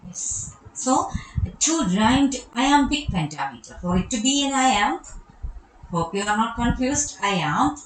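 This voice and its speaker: A woman's voice: a little high, animated, measured pace, echoey room, a little hiss or hum, low-quality recording. Malayali woman teaching poetry terms. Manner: explains step by step, repeats terms, restarts phrases. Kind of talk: recorded online lecture on poetry.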